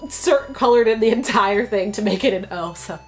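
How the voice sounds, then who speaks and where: A young woman from Texas telling a casual storytime in a chatty, animated way, full of "like," her voice a bit worn from being sick. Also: mid-range voice, moderate pace, faint music behind. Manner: chatty, lots of filler likes, animated retelling. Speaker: vlogger.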